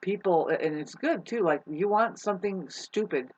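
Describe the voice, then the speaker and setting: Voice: medium pitch, expressive, moderate pace, darkish tone, dull audio. A vlogger talking casually to viewers about astrology, meandering and restarting often, swearing casually. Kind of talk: casual rambling monologue to viewers.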